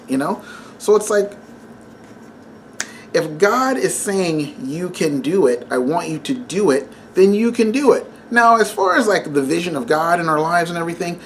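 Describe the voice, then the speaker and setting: A man's voice: on the high side, a little hiss or hum. Chatty man giving a devotional talk. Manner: conversational, many fillers, laughs while telling. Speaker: Christian vlogger.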